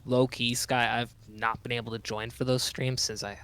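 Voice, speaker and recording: A man's voice: medium pitch, little pitch movement, moderate pace, fairly bright tone, a little hiss or hum. Man joking around in game voice chat. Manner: joking, gives gameplay tips. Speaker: player in voice chat. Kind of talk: casual gaming chat.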